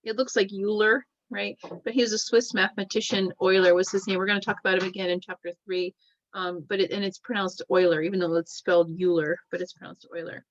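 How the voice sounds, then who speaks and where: A woman's voice: medium pitch, fairly even intonation, quick pace, no echo. A woman teaching a class, explaining step by step as she draws and often checking in with "right?". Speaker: lecturer. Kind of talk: classroom lecture. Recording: dull, dry lo-fi classroom recording.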